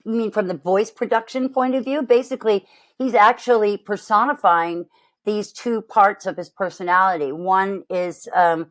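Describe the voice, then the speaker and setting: A woman vocal coach chatting casually about a song, lively, and acting out voices as she talks. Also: mid-range voice, normal speed. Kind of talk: casual chat, reacting to a song.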